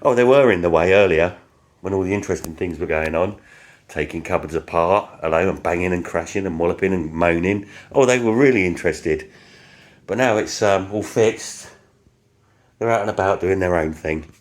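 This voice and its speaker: A man's voice: deep voice, normal speed. A man vlogging a home plumbing repair, chatty and self-mocking with a playfully melodramatic streak. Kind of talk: casual DIY vlog talk.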